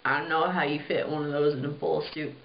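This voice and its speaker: Young woman, low-ish voice, casual irreverent storyteller; echoey room. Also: little pitch movement, fast, gravelly, slight background noise. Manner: irreverent, chatty, swears, many fillers. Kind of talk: casual fairy tale retelling. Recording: roomy, dull lo-fi home recording.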